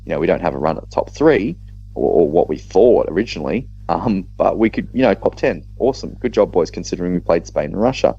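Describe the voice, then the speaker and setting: An Australian man tells a gaming story in a casual podcast chat, full of quick restarts. His voice sits very low and mellow. The dry sound of the recording is a little dull and lo-fi. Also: sing-song, vocal fry, breathy edge, no room sound, soft background music. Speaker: podcast co-host.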